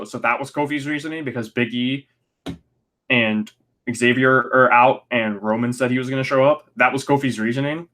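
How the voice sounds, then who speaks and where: A man's voice: medium pitch, fairly even intonation, normal speed, sharp tone. Ranting, sarcastic male podcast host. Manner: ranting, sarcastic, swears freely. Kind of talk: casual wrestling review podcast.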